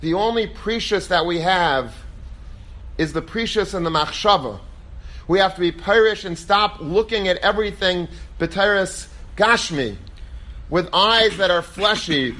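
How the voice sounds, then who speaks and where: Male rabbi, lively Torah class, high voice, mimics quoted speakers. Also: unhurried. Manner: animated, acts out quoted voices; lively storytelling, peppered with Hebrew and Yiddish terms.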